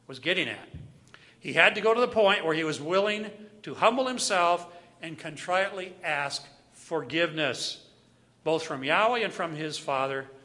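Lively, bright-voiced man preaching. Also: on the high side. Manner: emphatic, repeats key phrases, swings between loud and quiet. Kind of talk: sermon.

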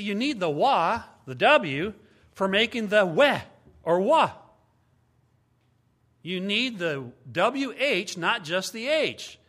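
Man, teaching sermon, very animated delivery, bright tone, emphatic, rhetorical questions. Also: high voice. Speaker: Bible teacher.

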